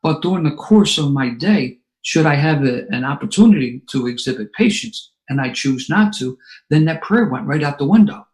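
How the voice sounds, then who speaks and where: Philly guy telling a wild story at a meeting, kinda high voice, sarcastic and animated. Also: normal speed, poor audio. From Philadelphia area. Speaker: recovery meeting speaker. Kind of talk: personal story talk.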